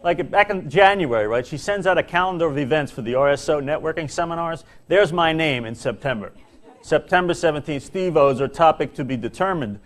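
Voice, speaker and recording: A middle-aged man gives a comic speech to a large employee audience, telling stories with animated, self-mocking delivery and dramatic pauses. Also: fairly high pitch. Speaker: corporate speaker at an employee seminar. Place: large hall before an audience.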